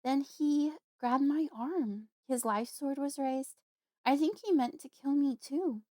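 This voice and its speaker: A woman voicing a young girl who is frightened and haunted, with a high, pleading voice close to tears. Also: slow pace, a little mellow, no echo. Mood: anxious.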